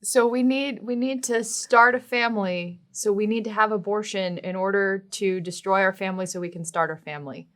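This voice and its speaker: A woman's voice: mid-range voice, steady tone, moderate pace, few pauses, fairly bright tone. A woman co-hosting a casual podcast, explaining her points earnestly with frequent fillers. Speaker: podcast co-host.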